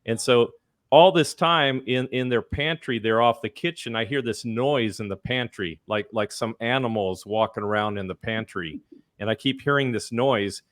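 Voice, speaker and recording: A man's voice: medium pitch, moderate pace, a bit bright, no echo, clean studio sound. A man hosting a podcast, telling a story in a rambling, chatty way. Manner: rambling, chatty, many fillers and restarts. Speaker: podcast host. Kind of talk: casual storytelling.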